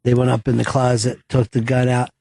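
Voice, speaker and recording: A man's voice: mid-range voice, monotone, a little fast, vocal fry, mellow, no echo. A man telling loose, profane stories in casual studio chat as the podcast host. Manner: loose storytelling, swears freely.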